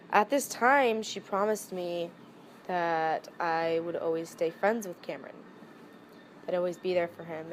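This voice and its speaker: A woman in a documentary interview, softly and haltingly recalling the death of a close friend. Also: on the low side, slight background noise. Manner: soft, reflective, halting with many "like"s. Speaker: friend of the deceased. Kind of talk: documentary interview, recounting a loss.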